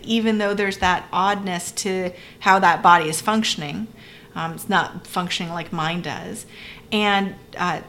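A woman's voice: medium pitch, a bit bright, a little hiss or hum. A woman, a pastor co-hosting a podcast, explaining earnestly and often checking in with "right?". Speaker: pastor and co-host. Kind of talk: conversational podcast discussion.

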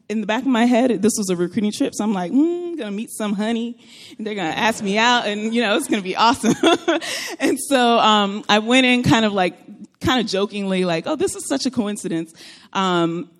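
Young woman chatting thru a funny story, lots of laughs, acts out the voices. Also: mid-range voice. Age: young adult. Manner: animated, laughing often, acts out quoted voices. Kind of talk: casual personal storytelling.

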